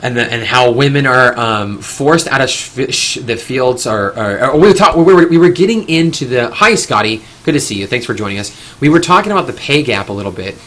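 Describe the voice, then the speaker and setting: Give me a bright-voiced man ranting on a live stream. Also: mid-range voice, animated, brisk, hardly any pauses. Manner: rambling, with frequent restarts and casual swearing. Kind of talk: opinionated live-stream monologue.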